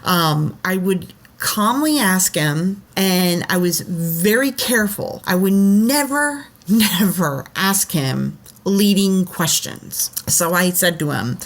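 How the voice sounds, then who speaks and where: A woman with a slightly low voice telling a personal story on a podcast. She rambles, full of "you know" and "um", and slips into the voices of the people she quotes. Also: animated, slow pace, few pauses. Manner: rambling, filler-heavy, acts out quoted voices. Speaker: podcast co-host, intuitive.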